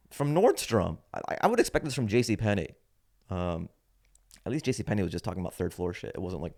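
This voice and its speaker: A man in his thirties, a comedian hosting his podcast, telling a rant-like story in a casual, animated way and acting out other people's lines. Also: on the low side, fast talker. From United States. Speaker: podcast host, standup comedian.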